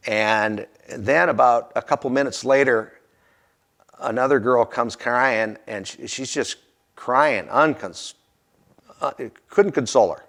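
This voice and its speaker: A man's voice: medium pitch, slow, fairly bright tone. A man earnestly recounting a personal anecdote from his charity volunteer work in a folksy, conversational way.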